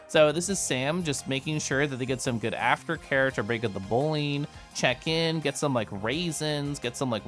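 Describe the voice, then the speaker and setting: A young man chatting casually with viewers on a live stream, giggly and animated. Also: medium pitch.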